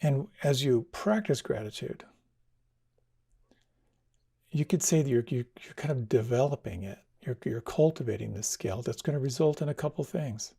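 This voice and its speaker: A man giving a dharma talk as a meditation teacher, speaking in a gentle, reflective way. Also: medium pitch, expressive, moderate pace, vocal fry, slightly rough. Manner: gentle, reflective, tells stories with quoted dialogue.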